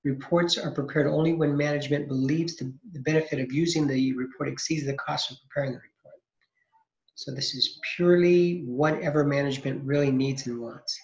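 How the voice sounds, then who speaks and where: The accounting instructor here has a fairly high, slightly mellow voice with fairly even intonation and a fairly quick pace. His recorded lecture explains step by step, with frequent restarts and self-answered questions, in echoey, dull lo-fi sound.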